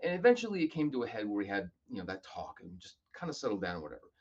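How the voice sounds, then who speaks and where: A man telling stories casually as a podcast guest, animated and acting out other people's lines. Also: fairly low pitch, very fast, dull audio. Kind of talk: casual storytelling.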